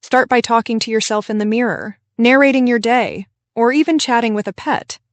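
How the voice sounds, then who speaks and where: A woman co-hosting a scripted English-learning podcast, explaining tips in a clear, encouraging way. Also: on the high side, moderate pace, dry recording. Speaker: podcast co-host.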